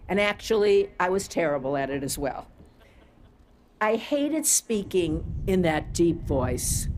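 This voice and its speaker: A woman's voice: mid-range voice, slight background noise. A middle-aged woman giving a commencement speech from a stage, telling her own story in an earnest, reflective way. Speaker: commencement speaker. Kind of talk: prepared ceremony speech. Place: on a stage at a graduation ceremony.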